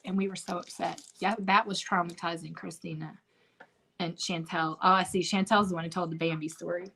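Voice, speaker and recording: A woman's voice: fairly low pitch, fairly even intonation, brisk, vocal fry, bright, forceful tone, slight background noise. A middle-aged woman hosting a craft video, chatting and telling stories straight to her viewers as she works. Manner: chatty storyteller, talks to viewers directly. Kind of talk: casual chat while crafting.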